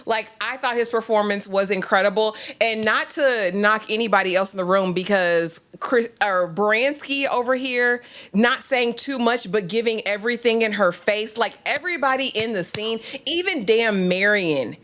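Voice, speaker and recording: A woman co-hosting a live stream that recaps a TV drama. She greets viewers by name and talks in an emphatic, animated way. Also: medium pitch, normal speed. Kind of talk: casual live-stream chat.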